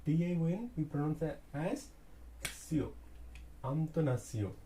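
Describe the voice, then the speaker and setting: A man teaching French in a slow classroom explanation, repeating key words deliberately. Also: a little high, expressive, warm tone, slight background noise.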